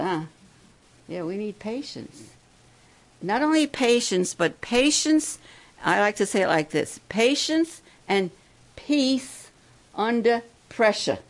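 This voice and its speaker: A woman giving a devotional talk to campers and adults, asking the crowd questions and slowing down to stress key words. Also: medium pitch, creaky, poor audio. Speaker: camp speaker.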